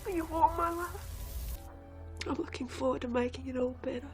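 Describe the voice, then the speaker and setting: A loving wife in a film, as an actress plays her, speaking softly and affectionately to someone far away. Her voice is very high, with film music clearly running underneath. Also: normal speed, close to an everyday voice. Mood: tender. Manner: soft, affectionate. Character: tender woman speaking to her distant husband. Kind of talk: film dialogue.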